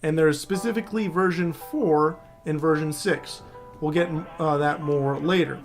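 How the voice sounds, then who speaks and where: Casual man teaching networking, higher voice. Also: normal speed, soft background music. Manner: casual, loose, talks to viewer directly with frequent "all right?". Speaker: cybersecurity instructor. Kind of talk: screen-share tutorial.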